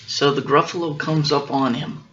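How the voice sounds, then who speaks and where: A father reading a picture book aloud to his daughters, unhurried, stopping to explain the story and correct himself. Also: fairly high pitch, fairly even intonation, muffled recording, background noise.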